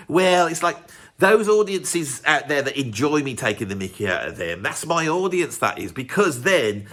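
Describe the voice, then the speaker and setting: A man's voice: fairly high pitch, very animated, moderate pace, fairly bright tone. A man hosting his music channel, rambling and teasing his viewers. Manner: rambling, teasing, self-mocking asides. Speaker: YouTube music channel host. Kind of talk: casual vlog commentary.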